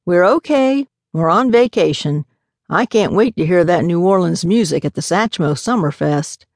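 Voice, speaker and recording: A woman's voice: fairly low pitch, lively intonation, normal speed, darkish tone, dry recording, clean studio sound. A woman voicing a nervous, fussy man who nags his mother and partner. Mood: anxious. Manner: nagging, worried. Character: anxious, fussy grown son.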